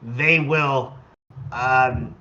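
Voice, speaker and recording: A man's voice: mid-range voice, steady tone, extremely slow, pushed and bright, lo-fi sound. A man voicing a male warrior who speaks stiff, broken, formal English. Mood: earnest.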